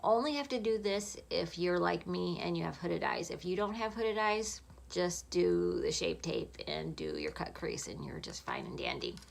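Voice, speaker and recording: A woman talking through a makeup tutorial in a soft, chatty voice, often dropping to a half-whisper. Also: on the low side, big pitch swings, normal speed, vocal fry, hardly any pauses. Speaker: makeup vlogger.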